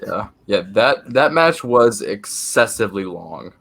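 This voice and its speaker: Hesitant young man, low voice. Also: big pitch swings, a little slow, vocal fry, a bit bright. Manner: hesitant, lots of fillers and repeats. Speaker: podcast co-host. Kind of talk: casual chat.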